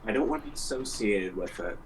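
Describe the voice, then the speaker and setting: A man's voice: fairly low pitch, lively intonation, fairly quick, a little hiss or hum, poor audio. A man playing a tabletop role-playing game, making dry, wry remarks. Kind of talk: casual game talk.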